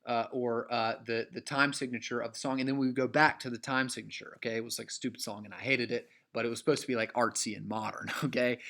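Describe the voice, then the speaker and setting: A man's voice: mid-range voice, bright, forceful tone. A man teaching a recorded literature lecture in a casual, conversational way, full of fillers and frequent "okay?" check-ins.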